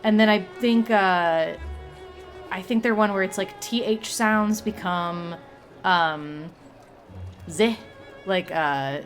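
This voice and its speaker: A woman's voice: medium pitch, takes it slowly, faint music behind. A woman chatting casually on a livestream, rambling along with many fillers and restarts. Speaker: streamer.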